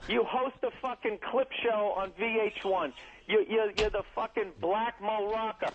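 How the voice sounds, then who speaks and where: A comedian arguing heatedly on the radio, indignant and profane, complaining in rapid bursts. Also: male voice, high voice, steady tone, a crowd in the background. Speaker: comedian guest. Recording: phone-like radio broadcast.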